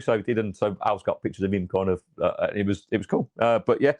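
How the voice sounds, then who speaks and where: This English podcast co-host has a lowish, steady, darkish voice and a brisk pace, recorded without echo. He rambles casually about his football club with many restarts and fillers.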